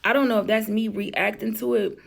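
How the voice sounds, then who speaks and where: A woman's voice: medium pitch, steady tone, fairly quick, vocal fry. A woman vlogger telling a personal story to the camera in a blunt, chatty, profane way.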